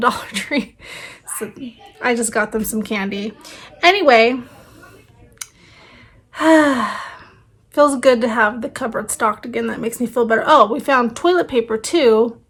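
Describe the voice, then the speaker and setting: A woman's voice: a little high, a bit bright. A woman in her thirties, a family vlogger, chatting casually and rambling with fillers, tired and her voice fading. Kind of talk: casual vlog chat.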